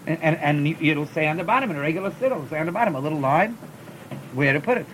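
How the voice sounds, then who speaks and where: High-voiced man teaching chant, tinged. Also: expressive, racing, a bit bright, a little hiss or hum, poor audio. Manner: repeats words while explaining, sings short chanted examples. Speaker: teacher of Torah cantillation. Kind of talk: classroom lesson.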